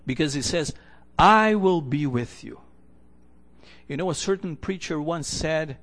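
In a church, a male pastor delivers an earnest sermon, repeating key phrases for emphasis and letting his lines trail off into a hush. His voice is on the high side with lively intonation, and he speaks a little slowly with frequent pauses.

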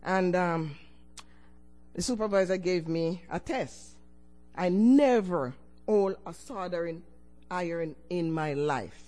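An older woman giving a personal testimony to her church, telling it with lively swings in pitch and loudness and chuckles between phrases. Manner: animated storytelling with sudden swings in pitch and loudness.

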